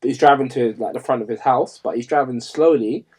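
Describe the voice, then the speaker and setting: A man co-hosts a casual podcast chat. His voice is husky. He tells his stories animatedly and drops into voices for the people in them. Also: mid-range voice, a little fast. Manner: animated storyteller, acts out voices in anecdotes. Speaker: podcast co-host.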